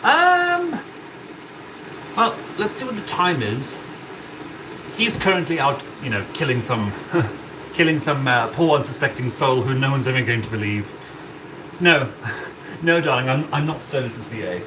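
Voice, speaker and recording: Campy, theatrical demon owl prince, performed by a man, slow and drawling with huge pitch swings, in an echoey kitchen. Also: very animated. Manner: campy, theatrical, giggly, calls chat darling. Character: flamboyant aristocratic male owl demon prince. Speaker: cosplay streamer. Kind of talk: in-character cooking livestream. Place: apartment kitchen. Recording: echoey kitchen with background noise.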